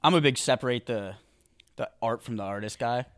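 A young man co-hosting a comedy podcast, dropping deadpan jokes in casual chat. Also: medium pitch, a little fast, no room sound, clean studio sound. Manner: deadpan jokey asides. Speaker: podcast co-host.

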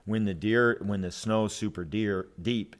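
A man in his fifties telling a hunting story in a casual chat, animated and full of restarts and "right?". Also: fairly low pitch, unhurried. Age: 50s.

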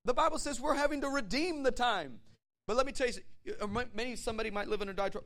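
A male pastor preaching a sermon, animated and conversational, asking the audience questions and acting out stories. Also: extremely high pitch, fast talker. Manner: animated storytelling with acted voices and laughs.

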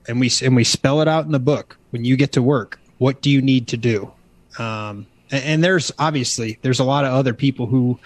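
A man's voice: mid-range voice, no room sound. A man guesting on a podcast interview, talking about his book in a casual, motivational way that turns preachy when he gets going. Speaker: guest author.

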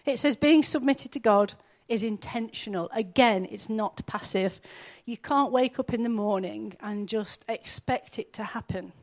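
A woman's voice: fairly high pitch, unhurried, hardly any pauses. A woman, preaching a sermon in an earnest, conversational way, often asking her listeners questions.

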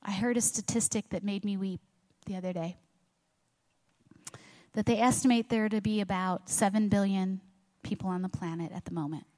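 A woman's voice: mid-range voice, steady tone, moderate pace, pauses often, dark tone. Woman preaching in a reverberant hall. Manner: earnest preaching with rhetorical questions. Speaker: pastor. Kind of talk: sermon. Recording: long reverb of a large hall.

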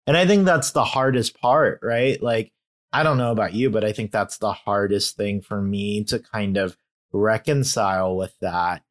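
A young man in a candid conversation about faith, talking in a halting, heartfelt way with many fillers and growing emotional. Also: lowish voice. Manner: grows emotional while talking. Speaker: guest.

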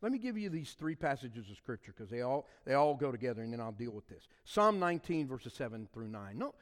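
Man, pastor, preaching a sermon, lively rising and falling pitch, long hall reverb. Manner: preaching with sweeping swings between loud and soft.

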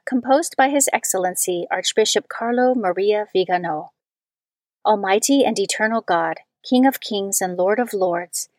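A woman giving a measured, solemn reading of scripture and prayers. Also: medium pitch, a little mellow, dry recording. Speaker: scripture reader.

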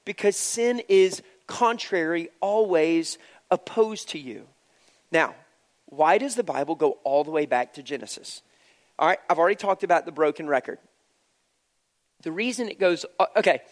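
A man preaching a sermon, telling a family story with lively acted-out voices and dropping to a hushed tone for serious points. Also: high voice. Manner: animated storyteller, swings from hushed to loud. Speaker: pastor.

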